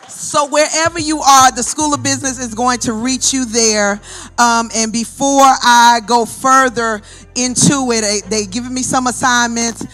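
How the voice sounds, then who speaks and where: A woman hosting a women's ministry event at a church, talking to the audience in an excited, chatty way. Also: on the high side, normal speed, faint music behind. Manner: excited, chatty, laughs often, addresses audience directly. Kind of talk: hyped live event hosting.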